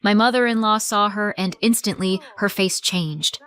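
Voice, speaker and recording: A woman narrating a scripted first-person family drama story in a measured, dramatic way. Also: medium pitch, fairly bright tone, clear, resonant tone.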